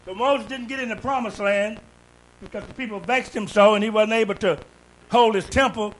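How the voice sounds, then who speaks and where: A man preaches in a high, bright voice, asking the congregation questions and waiting for their answers. He swings from quiet stretches into loud, fervent shouts. It is call-and-response church preaching. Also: moderate pace, low-quality recording. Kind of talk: sermon.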